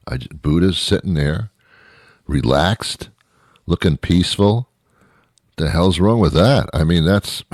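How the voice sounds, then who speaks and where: A middle-aged man delivering a rambling comic monologue, full of restarts and deadpan asides. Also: a bass voice, measured pace, vocal fry, pauses often, no room sound, clean studio sound. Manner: meandering, self-interrupting, deadpan asides. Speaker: comedian host.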